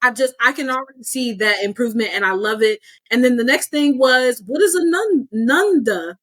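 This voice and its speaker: A woman's voice: fairly high pitch, normal speed. Enthusiastic woman co-hosting a book chat. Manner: enthusiastic, expressive reader's reactions. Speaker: book podcast co-host. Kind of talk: casual book discussion.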